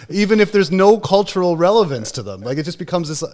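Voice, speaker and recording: A man's voice: sits high, very animated, fast talker, few pauses, a little mellow. Rambling male book club host. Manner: rambling, full of fillers and restarts. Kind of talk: casual livestream discussion.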